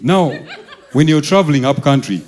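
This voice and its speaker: A young Ugandan man performing a stand-up comedy set, telling animated stories and acting out the people in them. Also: fairly high pitch, moderate pace, some chatter behind. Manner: animated storytelling, acting out characters, laughing.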